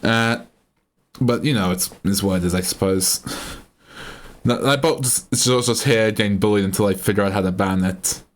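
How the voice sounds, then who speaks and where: Speaking at a normal speed with a lowish voice, this Australian man chats away on a live stream. He wanders from thought to thought, frequently breaking off mid-sentence.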